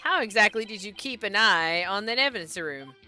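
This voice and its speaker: A woman's voice: mid-range voice, animated, fairly quick, sharp tone, faint music behind. A woman voicing an earnest young male defense lawyer, asking direct, probing questions. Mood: questioning.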